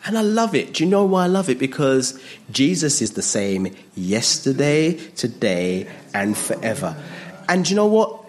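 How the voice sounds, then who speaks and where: Male preacher, lively swooping delivery, jokey and animated, faint background noise. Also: measured pace. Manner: animated, jokey, acts out voices with big pitch jumps. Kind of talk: sermon.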